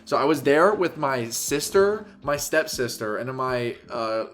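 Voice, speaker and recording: Animated young man telling a story. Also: medium pitch, measured pace, soft background music. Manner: animated storyteller, mimics others' voices, swears freely. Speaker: podcast co-host. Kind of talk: casual podcast storytelling.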